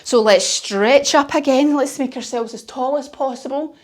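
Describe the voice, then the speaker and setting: A woman's voice: high-pitched, moderate pace. Lady doing kids yoga storytime, playful and encouraging, sing-song. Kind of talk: storytelling yoga lesson for children.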